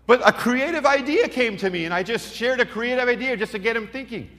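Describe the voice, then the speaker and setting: A male preacher telling a story in a sermon, acting out the dialogue with lively energy. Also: very high voice, a little fast, few pauses. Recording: long hall reverb.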